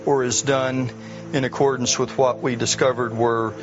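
Measured man in a documentary interview. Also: mid-range voice, level tone, highs cut off. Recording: documentary clip with music underneath.

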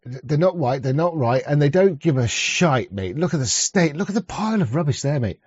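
A man's voice: on the high side, expressive, moderate pace, a little mellow, breathy edge, no echo. A man ranting in rambling reaction commentary, crude and sarcastic, with frequent restarts, on a dull lo-fi mic. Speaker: streamer reacting to a clip.

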